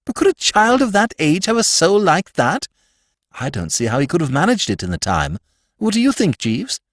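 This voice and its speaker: A man doing a breezy young gentleman. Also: fairly high pitch, wildly swooping pitch, normal speed, no room sound, studio quality, pitched above the performer's own voice. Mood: puzzled. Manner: bright, chatty and upbeat. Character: breezy young English gentleman, cheerful and chummy.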